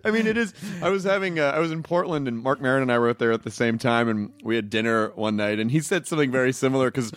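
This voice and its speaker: A man in casual chat, joking and riffing, with halting restarts. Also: medium pitch, animated. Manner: joking, riffs with mock characters, halting restarts.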